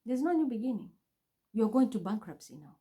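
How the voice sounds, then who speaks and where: In an agitated, repetitive rant aimed at the camera, a woman accuses and presses her point from home, where she vlogs as a spiritual reader. She sounds high-pitched and dark, very animated, and speaks a little fast.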